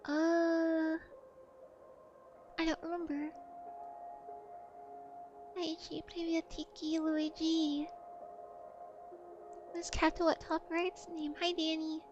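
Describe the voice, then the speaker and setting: High-pitched girl streamer chatting with chat, playful, goes soft and quiet a lot, faint music behind. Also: level tone, slow pace, pauses often, lo-fi sound. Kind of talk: casual livestream chat.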